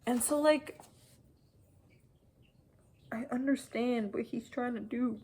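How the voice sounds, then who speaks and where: A young adult woman giving a casual chapter-by-chapter book review, talking in an animated, frustrated rant full of "like". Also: a little high, slow, long pauses, breathy edge. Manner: animated, frustrated ranting, heavy use of "like". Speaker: book vlogger.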